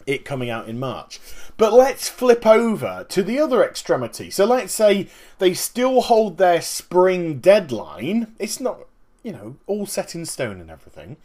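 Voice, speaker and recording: A man hosting a casual gaming commentary vlog, talking in an animated, emphatic way and explaining things step by step. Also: fairly high pitch. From Northern Hemisphere. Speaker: gaming video host.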